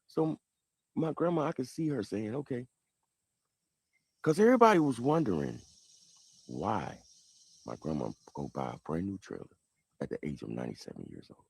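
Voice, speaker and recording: A man with a Southern American accent telling a heated family story on a livestream, rambling and swinging between loud and quiet. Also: lowish voice, sing-song, normal speed, vocal fry, long pauses, slightly rough, no echo. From southern United States. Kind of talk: animated livestream monologue.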